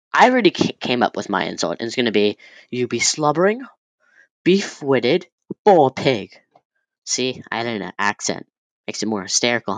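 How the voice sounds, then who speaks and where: A young man giving a casual class presentation, loose and halting with many fillers and restarts. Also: medium pitch, a bit bright, no room sound, poor audio. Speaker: student presenter.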